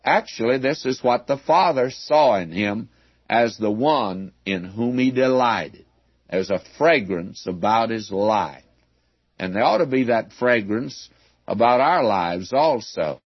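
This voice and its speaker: A man gives an unhurried Bible teaching, dwelling on each phrase with deliberate emphasis. His voice has a slightly husky edge, and the sound is dry and close, as on an old lo-fi radio broadcast. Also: medium pitch, animated, no room sound. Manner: measured, emphatic, with asides.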